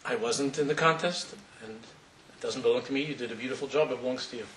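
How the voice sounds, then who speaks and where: A man voicing a gentle, wise old Eastern European rabbi, speaking quietly and tenderly in a sermon story. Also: medium pitch, fast talker, slight background noise, lightly acted. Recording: roomy hall from far off.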